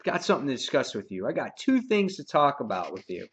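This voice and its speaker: A man's voice: mid-range voice, big pitch swings, quick pace, a bit bright. A man voicing a cocky, brutal grown-man villain who talks in swaggering, mocking slang. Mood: menacing.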